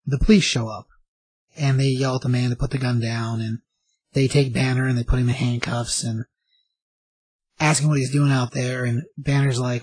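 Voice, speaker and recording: A man rambling through a comic book recap, stacking up fillers and restarting his sentences. His voice is husky and a little rough. The sound is dry and close, with no room echo. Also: mid-range voice, level tone, moderate pace, darkish tone.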